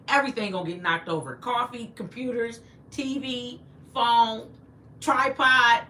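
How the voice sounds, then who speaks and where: A woman's voice: fairly high pitch, measured pace, slight background noise. A woman hosting a casual livestream from inside her house, chatting with viewers and reading their comments aloud. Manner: chatty and animated, talks back to viewers and her pet. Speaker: livestream host.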